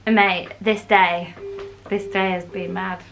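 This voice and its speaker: A young woman chatting casually to her phone camera as she vlogs, playful and quick to laugh. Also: mid-range voice, little pitch movement, vocal fry, music in the background. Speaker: vlogger. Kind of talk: casual vlog chat. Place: outdoors on busy city streets and in a café. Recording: phone recording with street noise. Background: street and traffic noise.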